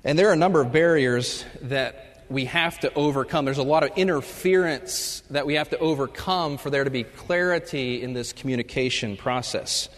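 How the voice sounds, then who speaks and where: A male professor giving a humorous chapel talk, telling stories and acting out the jokes in loud voices. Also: mid-range voice, normal speed, hardly any pauses. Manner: storytelling, acts out jokes with loud shouted voices. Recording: long reverb of a large hall.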